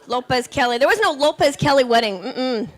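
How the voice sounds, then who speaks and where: Stand-up comic, woman, high bright voice, sassy punchy delivery on stage. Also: animated, a little fast. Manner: sassy, punchy delivery with impressions of relatives and men. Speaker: stand-up comedian. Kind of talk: stand-up comedy set. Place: comedy club stage with a live audience.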